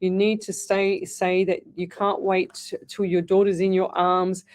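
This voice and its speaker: A woman's voice: mid-range voice, little pitch movement, measured pace, darkish tone. A middle-aged woman hosting live radio psychic readings, chatting in a rambling way with frequent restarts. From Australia. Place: radio studio.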